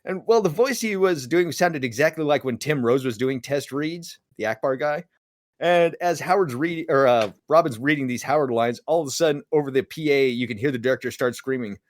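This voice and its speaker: Fairly quick and mid-range, a man co-hosts a laid-back podcast, telling a story while animatedly voicing the people he quotes. The sound is dry and clean, straight from a studio.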